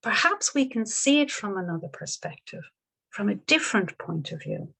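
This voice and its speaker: A woman voicing the Buddha as a calm, kindly male sage who soothes gently and repeats his words. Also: on the high side, unhurried, creaky, exaggerated voice. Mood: soothing.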